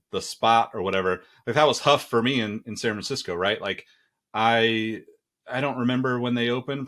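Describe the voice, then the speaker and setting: Laid-back man with a lowish voice. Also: fairly bright tone. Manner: laid-back, many fillers like "like" and "you know". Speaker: interview host. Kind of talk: casual interview chat.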